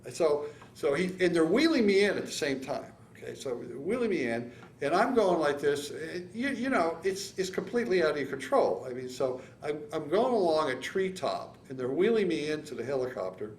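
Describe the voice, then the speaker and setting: A man in his seventies from San Francisco, telling his war story in an oral history interview, with halting restarts and acted-out quotes. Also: a little high, sing-song, reverberant, slight background noise. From San Francisco, California. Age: 70s. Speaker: veteran interviewee.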